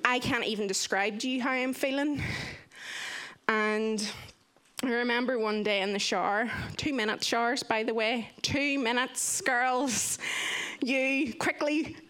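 A young woman sharing a personal testimony in earnest, expressive storytelling. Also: a little high, a little slow, smooth. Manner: earnest and expressive, acting out quoted voices. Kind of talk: candid storytelling talk.

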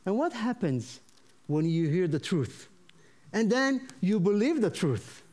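A man from Israel, preaching his testimony in an animated way and acting out the voices in his story. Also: high voice, unhurried. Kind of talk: sermon testimony.

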